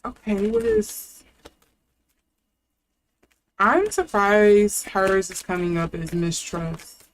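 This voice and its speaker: Young woman, casual tarot reader, chatty, thinks aloud, mid-pitched voice. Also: wildly swooping pitch, takes it slowly, a little hiss or hum. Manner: chatty, thinking aloud, with fillers and self-corrections.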